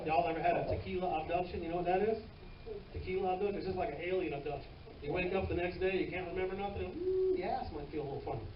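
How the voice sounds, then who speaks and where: Man, Southern US accent, stand-up comedian, loud and crude, quick delivery, roomy comedy club. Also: high voice, steady tone, heavy background noise. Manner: loud, crude, drawling punchlines. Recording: distant, roomy, dull club recording.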